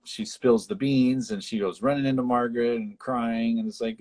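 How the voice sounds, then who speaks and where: Husky man chatting casually about a film. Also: moderate pace, hardly any pauses. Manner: animated retelling, acts out lines in high voices. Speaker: podcast co-host.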